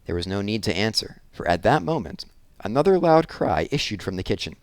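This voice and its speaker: A man narrating a children's novel aloud in a measured, expressive reading. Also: low voice, no echo. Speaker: audiobook reader. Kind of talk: storybook narration.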